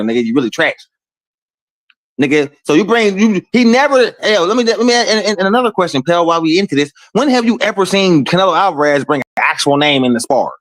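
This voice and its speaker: A man hosting a casual boxing talk stream, speaking to his chat in profane, animated trash talk. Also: high-pitched. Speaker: boxing talk show host.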